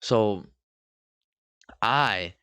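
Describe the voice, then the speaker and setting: A young man co-hosting a podcast, telling a story in casual chat, animated and swearing freely as he acts out scenes. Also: fairly low pitch, extremely slow, clear, resonant tone, no echo, clean studio sound. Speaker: podcast co-host.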